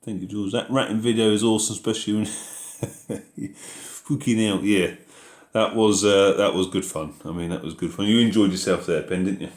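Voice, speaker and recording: A man chats casually through a live Q&A, reading out viewers' messages and answering each one in an unhurried, easygoing way. His voice sits on the low side, with a noticeably roomy, echoey sound around it. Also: steady tone. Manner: easygoing, reads out viewer questions then answers. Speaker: farming video host answering live chat.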